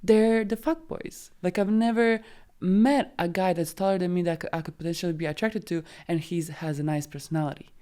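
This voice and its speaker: A woman's voice: lowish voice, brisk, warm tone. A woman guesting on a podcast, talking frankly and emphatically about dating in casual conversation.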